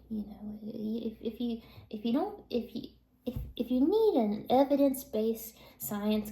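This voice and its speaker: Woman vlogger, slow rambling chat, gravelly, drops into whispers, echoey room. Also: fairly high pitch. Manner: rambling, many fillers, drifts into soft whispers. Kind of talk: casual monologue. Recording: echoey recording.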